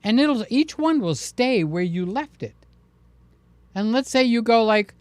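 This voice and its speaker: A man talks through a live stream in a loose, joking manner, jumping up in pitch when he gets excited. His voice sits in a middling range and sounds dry and close to the mic. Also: unhurried, no echo. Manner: chatty, jokey, animated, with many fillers. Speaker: camera channel host. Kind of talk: casual live stream chat.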